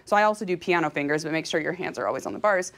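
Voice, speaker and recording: Chatty high-energy woman talking to a crowd, heartfelt, laughs a lot, voice sits a bit low. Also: lively intonation, rapid-fire, fairly bright tone. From California. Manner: emotional and openly heartfelt. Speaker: professional cyclist giving a talk. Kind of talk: motivational talk to an audience.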